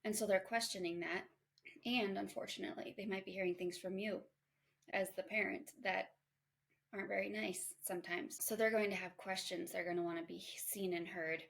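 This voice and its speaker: A woman's voice: medium pitch, steady tone, moderate pace, creaky. A woman hosting a podcast, talking in a candid, conversational and self-reflective way about parenting in a casual self-help monologue. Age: adult mother. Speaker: podcast host.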